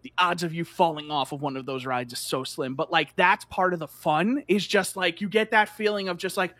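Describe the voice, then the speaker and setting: A man with a high, bright voice telling a story in casual chat, animated and peppered with "like". He often slips into acted-out voices, and the sound is close and dry. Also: fairly quick, no room sound. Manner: animated, fillers of "like", acts out voices.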